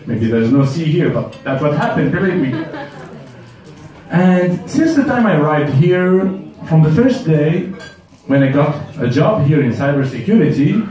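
A man from Syria performs stand-up comedy on a club stage, his voice pitched high and swinging widely as he goes. The sound is distant and echoes around the hall. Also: moderate pace. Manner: animated, jumps into high put-on voices for characters.

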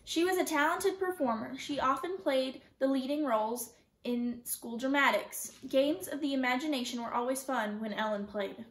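A woman teacher reading a novel chapter aloud with clear, expressive storytelling. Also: high-pitched, moderate pace. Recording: roomy echo.

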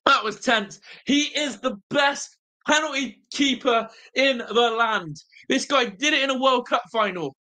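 A fan channel host, excitedly calling a live football watch-along, overwhelmed and breathless, chatting with viewers in the live chat. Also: medium pitch, measured pace. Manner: excitable, shouting in celebration.

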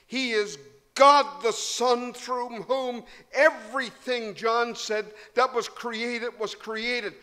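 A man preaching a sermon, swinging between loud emphasis and hushed low tones. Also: fairly even intonation, takes it slowly. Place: church hall. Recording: long hall reverb.

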